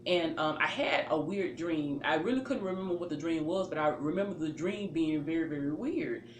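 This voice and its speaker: A woman with a lower voice tells a personal story in an easy, casual way. She acts out her own reactions and leans on fillers like "you know" and "um" as she talks. The room is echoey, with a faint hum of ambient noise behind her. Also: normal speed.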